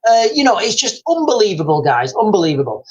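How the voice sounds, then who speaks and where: A man's voice: sits high, very animated, quick pace, dull audio. Rambling man hosting a livestream. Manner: rambling and emphatic, keeps calling the viewers guys. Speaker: live stream host. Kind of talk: live stream commentary, reading chat.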